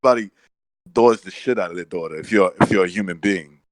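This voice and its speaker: A man's voice: deep voice, fast talker, no echo, low-quality recording. A man co-hosting a podcast in casual chat, rambling, restarting his sentences and acting out what others said. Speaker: podcast co-host.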